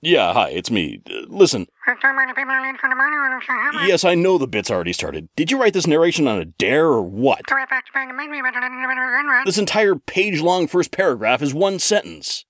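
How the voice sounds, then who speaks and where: Sarcastic guy narrating, bouncy pitch, dry close sound. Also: sing-song, unhurried, pauses often, dry recording. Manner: sarcastic, exasperated. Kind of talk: comedic narration.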